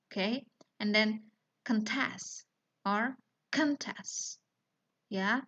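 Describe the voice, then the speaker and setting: A woman's voice: fairly high pitch, a bit bright, lo-fi sound. A woman whose first language is Indonesian, teaching an online English lesson, repeating example words with heavy stress and checking in with "yeah?" and "okay?". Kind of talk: recorded online lecture.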